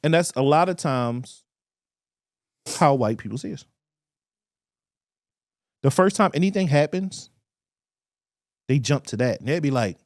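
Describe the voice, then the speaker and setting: A man, co-hosting a casual podcast and telling stories with animated quoted voices. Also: a little high, unhurried, long pauses, no room sound, studio quality. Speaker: podcast co-host.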